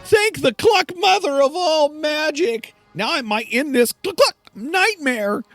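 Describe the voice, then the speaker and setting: A man's voice: very high-pitched, lively intonation, slow pace, fairly bright tone, faint music behind, pitched above the performer's own voice, full character voice. A man voicing a flustered, pompous male chicken mage, cutting his archaic speech with clucks. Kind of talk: video game voice acting.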